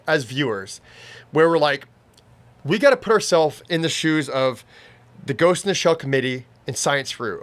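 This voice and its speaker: Man, rather high voice, rambling casual co-host of an anime review chat. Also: a bit bright. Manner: rambling, restarts a lot, acts out quotes. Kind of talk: casual reaction discussion.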